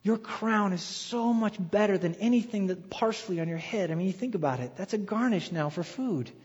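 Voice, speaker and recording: A pastor preaches with a high, lively voice, slipping into the voices of the people in his stories. The sound is dull, and a long hall echo follows him. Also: moderate pace, slightly rough. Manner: animated storytelling, acts out quoted voices. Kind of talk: sermon.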